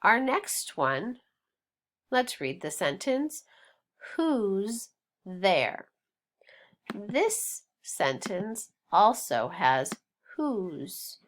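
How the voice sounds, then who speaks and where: A woman teaching a phonics lesson to young children, sounding out words slowly and patiently and praising them. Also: medium pitch, sing-song, fairly bright tone. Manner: slow, deliberate, sounding out words syllable by syllable; encouraging, patient.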